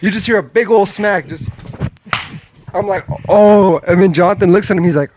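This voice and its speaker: A man's voice: high voice, moderate pace, a little mellow, slight background noise. A man recounting a story in slangy, profane casual chat.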